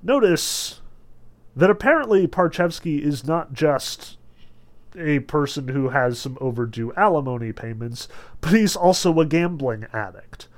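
A man's voice: on the high side, animated, a little slow. A man lecturing about a novel in a casual, chatty way, often saying "like" and "notice". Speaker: literature lecturer. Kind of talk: lecture with read-aloud passages.

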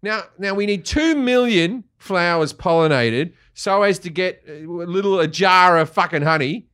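Comedy podcast host, man, a bit high-pitched, profane, riffing. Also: a little slow, fairly bright tone, smooth. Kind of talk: casual comedic podcast chat.

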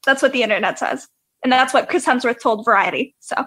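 High-voiced woman reporting findings. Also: a little fast, sharp tone. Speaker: podcast co-host. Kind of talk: casual chat.

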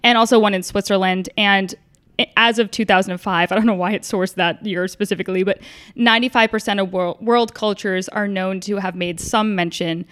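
A woman's voice: mid-range voice, steady tone, fairly quick, a bit bright. A woman co-hosting a podcast, explaining a topic in a chatty, casual way. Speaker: podcast co-host. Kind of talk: casual chat.

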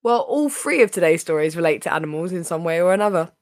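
Woman podcast host, slightly raspy voice, playful chatty delivery, dry close sound. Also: lowish voice, expressive, fast talker, no echo. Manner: chatty, playful, laughs often. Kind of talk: casual podcast chat.

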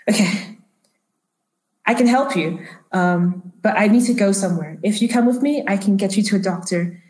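A rattled woman doctor, stammering and restarting as she speaks, voiced by a woman running the game. The voice sits at an ordinary pitch. It rings with the echo of a bare room. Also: measured pace, long pauses, close to an everyday voice. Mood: flustered. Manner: stammering, flustered. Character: panicked woman doctor, middle-aged, breathless. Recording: echoey room.

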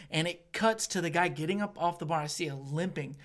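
A man's voice: on the high side, fairly quick. A young man, a stand-up comedian, chatting casually and acting out the people in his stories. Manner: animated storyteller, acts out hecklers. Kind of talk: casual chat.

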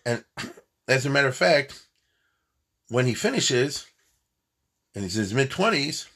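A man's voice: medium pitch, sing-song, a little slow, bright, forceful tone, breathy edge. A man giving an informal lecture on history, chatty and digressive, often checking in with his listeners.

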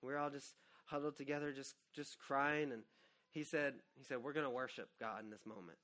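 A pastor in his thirties preaches an earnest, personal sermon that swings between hushed and loud. His voice is medium in pitch and he speaks fast.

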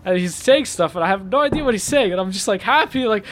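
A man's voice: fast talker, a little hiss or hum. A man telling a funny personal story in a casual chat, breaking into laughter as it builds. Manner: laughs through the punchline, voice climbs high with excitement.

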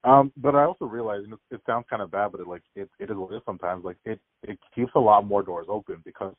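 A young man chatting casually as a podcast guest, telling stories quickly and filling his talk with "like". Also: lowish voice, dry recording. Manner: rapid storytelling, frequent "like" fillers. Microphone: remote call. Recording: tinny phone-like call audio.

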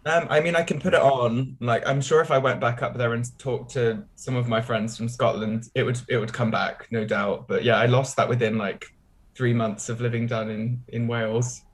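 A man's voice: mid-range voice, moderate pace. Easygoing man telling stories on a podcast. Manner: relaxed storyteller with many ums and light laughs. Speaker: podcast co-host. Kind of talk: casual podcast chat.

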